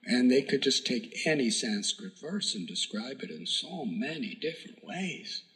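A man giving a sermon, telling a devotional story in an earnest, emphatic way that sometimes drops to a hush. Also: medium pitch, sing-song, normal speed, rough recording. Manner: earnest, emphatic storytelling with hushed whispered moments. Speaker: spiritual teacher.

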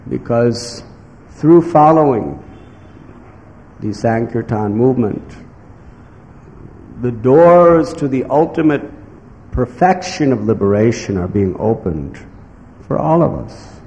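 A man giving a devotional sermon in slow, emphatic phrases, now and then acting out what others might say. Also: mid-range voice, expressive, a little mellow, lo-fi sound. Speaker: spiritual teacher. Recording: echoey hall with faint background noise.

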